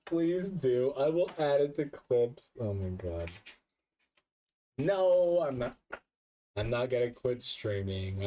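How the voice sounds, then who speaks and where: A drunk, hiccuping man talking on a live stream, his pitch swinging wildly as he swears and laughs at himself. He talks slowly and loosely, with plenty of cursing. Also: warm tone, recorded from a distance. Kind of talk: casual live-stream chat.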